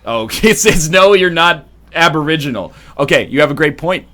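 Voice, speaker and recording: The Canadian gaming streamer, in his thirties, speaks at normal speed in a fairly high, pushed and bright voice with lively intonation. He rambles in a joking, opinionated way, playing off chat comments while he plays.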